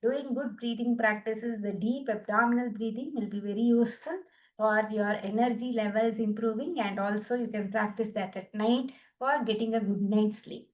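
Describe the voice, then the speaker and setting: A woman with an Indian English accent leading a group wellness session, cueing exercises in an upbeat, encouraging way with bursts of laughter. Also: fairly high pitch. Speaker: yoga and laughter therapy instructor. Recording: distant from the mic.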